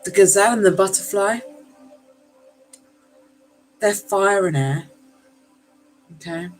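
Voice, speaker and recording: Slow-talking woman giving a tarot reading. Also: medium pitch, faint music behind, low-quality recording. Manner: exclamatory, swears then apologizes; affectionate, calls listeners darlings. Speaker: tarot reader.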